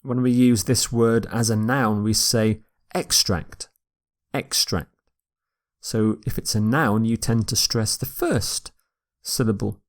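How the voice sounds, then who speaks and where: A man teaching English vocabulary in a lecture, slowly repeating each word and its pronunciation for learners. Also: fairly low pitch, steady tone. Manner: slow and deliberate, repeating words for pronunciation.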